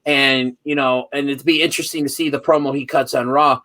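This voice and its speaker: A man's voice: medium pitch, steady tone, fairly quick, bright, forceful tone. A man co-hosting a wrestling podcast in casual chat. He rambles with lots of fillers and restarts, and acts out the lines he imagines wrestlers saying. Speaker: podcast co-host.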